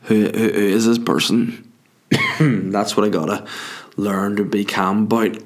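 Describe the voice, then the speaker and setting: A man's voice: on the low side, unhurried. A man delivering a profane, rambling comic rant, worked up and exaggerating. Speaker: comedian.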